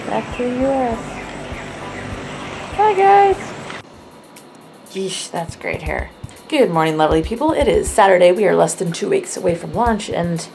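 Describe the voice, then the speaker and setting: A young adult woman talking to camera in a casual vlog, chatty and emotional, acting out her own quotes with lively swings. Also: lowish voice. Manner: emotional, chatty, animated quoting. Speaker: vlogger, spacecraft engineer.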